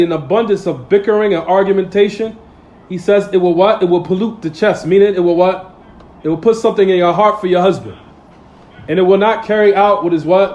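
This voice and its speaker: A man's voice: high-pitched, darkish tone, highs cut off. A man preaching a sermon in casual street English, asking the audience rhetorical "what?" questions and acting out little everyday scenes. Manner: call-and-response questions, acts out little scenes. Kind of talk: Friday sermon.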